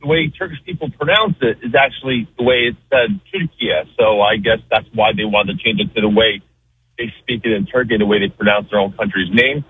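A man's voice: on the low side, steady tone, a little fast. A man calling in to a radio talk show, talking earnestly with many fillers. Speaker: radio caller. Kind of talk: casual call-in chat. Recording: tinny phone line with faint noise.

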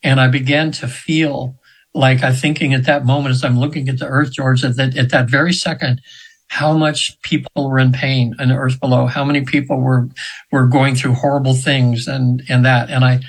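A man's voice: medium pitch, flat delivery, normal speed, rough recording. A man in his seventies, a guest on a radio show, earnestly telling a spiritual story in a rambling way with many restarts. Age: 70s.

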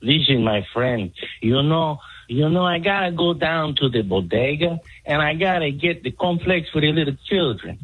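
A chatty, folksy neighbor, put on by a male caller rambles along slowly. The husky voice sits fairly high and swings widely in pitch. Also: lively intonation, phone-quality sound. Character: friendly Latin American man, chatty neighbor. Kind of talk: radio call-in impression.

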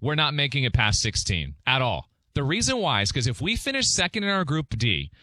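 Bright-voiced sports analyst. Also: male voice, medium pitch, sing-song, no room sound. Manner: quick, explanatory, joking. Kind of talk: casual sports talk.

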